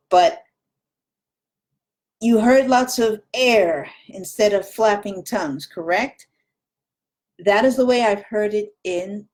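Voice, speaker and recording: Patient female language teacher, slow and low-pitched, drilling pronunciation. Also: a little mellow. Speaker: Spanish teacher. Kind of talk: online language lesson.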